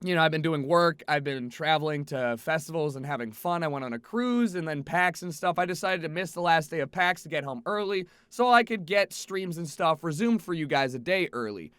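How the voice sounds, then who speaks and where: A young man telling a travel story to his audience in a casual, profane, animated way, jumping between exasperated outbursts and low mutters. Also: a little fast, hardly any pauses, clean tone, no echo. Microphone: headset.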